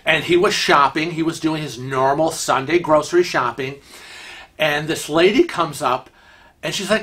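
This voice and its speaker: A man's voice: on the high side, moderate pace, sharp tone. A man hosting a show, telling funny stories in a chatty way and laughing along. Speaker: host. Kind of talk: casual storytelling.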